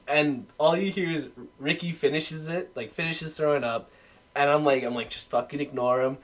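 A man's voice: a little high, normal speed. A young adult man, a podcast guest, telling a story in casual chat, laughing often and swearing.

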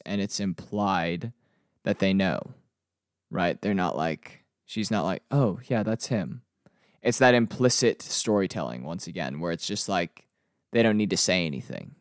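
A man talks through a TV episode review in a loose, chatty way, with plenty of ums and uhs. His voice sits low and carries a gravelly fry. The sound is dry and close. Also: dry recording. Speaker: TV review host.

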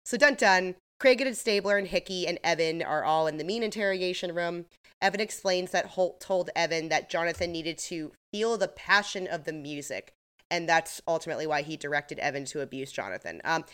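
Woman co-host, somewhat low pitch, loose filler-heavy recap chat. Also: a bit bright, clear, resonant tone. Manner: chatty, filler-heavy retelling with laughs. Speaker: podcast co-host.

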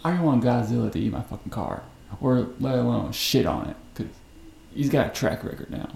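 A man's voice: medium pitch, very animated, brisk, vocal fry, darkish tone. A man hosting a podcast and telling a story as a profane, rambling, incredulous rant. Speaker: podcast host. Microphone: podcast mic. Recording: echoey room with background noise.

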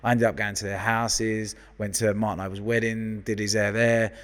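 A man's voice: lowish voice, moderate pace, long reverb tail. A man in his thirties from London with a London accent, telling stories as a guest in casual, sweary chat. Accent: London English. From London, England. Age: 30s. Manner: sweary, lively storyteller. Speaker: guest hairdresser.

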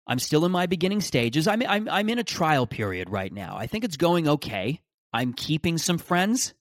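A man's voice: on the high side, very animated, normal speed, no room sound, clean studio sound. Rambling self-mocking guy. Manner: rambling, self-mocking, frequent restarts and laughs. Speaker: podcast host. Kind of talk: casual solo monologue.

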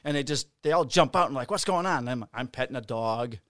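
Man, mid-pitched, dry close mic. He tells a rowdy, profane cop story. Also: quick pace, dry recording. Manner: profane, animated, acts out quotes. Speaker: police officer guest. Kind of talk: casual storytelling.

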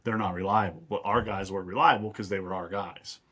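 A man's voice: sits low, fairly even intonation, brisk, fairly bright tone, slight background noise. A man from Pittsburgh, a real estate investor, explaining at length as a guest in a podcast interview and often checking in with "right?". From Pittsburgh, USA.

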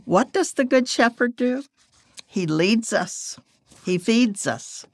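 An older woman giving a devotional teaching, reading scripture in a gentle, measured way. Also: a little high, animated, no echo, studio quality. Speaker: devotional speaker.

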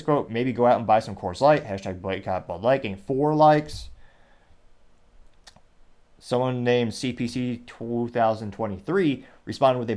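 A man from Texas hosts his podcast in a loose, casual way, working through a list of social media replies. Between each one he drops wry, sarcastic asides. His voice sits at an ordinary middle pitch. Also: a little mellow. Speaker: podcast host.

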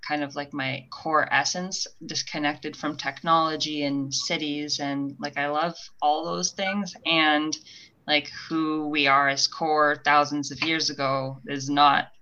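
A woman's voice: deep voice, little pitch movement, unhurried, pushed and bright, dull audio. A young woman talking reflectively on a podcast, meandering with many fillers. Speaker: guest. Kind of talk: casual podcast conversation.

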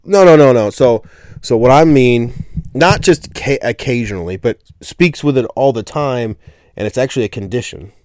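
A man's voice: medium pitch, animated, normal speed, a little mellow, dry recording, studio quality. A man hosting a casual podcast chat, telling rambling stories full of fillers. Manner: rambling storyteller, many fillers. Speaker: podcast host.

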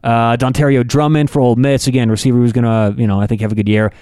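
A man's voice: medium pitch, little pitch movement, fast, mellow, clean tone, no echo, studio quality. A man co-hosting a casual sports talk show, loose and rambling with plenty of fillers. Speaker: co-host.

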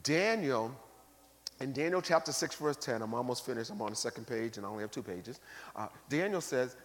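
A man preaching a sermon as bishop, animated, acting out the people he quotes, swinging between loud bursts and quiet asides. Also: medium pitch, fairly quick. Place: large church sanctuary. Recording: long reverb of a large hall.

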